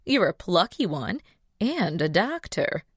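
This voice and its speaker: A woman's voice: on the low side, big pitch swings, slow pace, husky, no echo, studio quality, heavily acted. A woman voicing an older wealthy Southern belle mother with a sweet cooing drawl and a Southern US accent.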